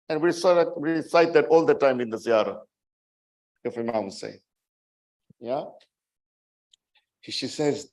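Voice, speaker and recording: A man giving a religious sermon to a gathering. He speaks in a slow, emphatic way, rises to forceful peaks and keeps checking in with his listeners with "right?". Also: mid-range voice, expressive. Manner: rhetorical, keeps asking "right?" to the audience. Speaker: majlis speaker.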